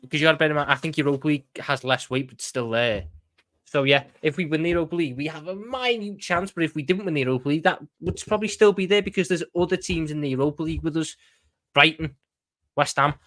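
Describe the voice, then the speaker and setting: A man's voice: on the high side, fast talker, a bit bright, no echo. A Scouse man co-hosting a casual football chat, blunt and heated, swearing freely. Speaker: podcast co-host.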